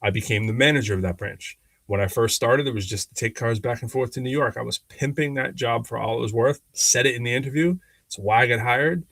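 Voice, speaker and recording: A man's voice: mid-range voice, fairly quick, creaky, hardly any pauses, no room sound. A man co-hosting a talk show, speaking in casual, rambling storytelling with many restarts and acting out other people's lines in shifting voices. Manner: animated, acts out quoted people in changing voices; rambling with frequent restarts and fillers. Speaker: podcast co-host.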